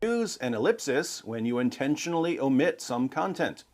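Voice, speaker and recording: Calm guy narrating a scripted video, methodical, building his case step by step. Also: mid-range voice. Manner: measured, methodical, argumentative.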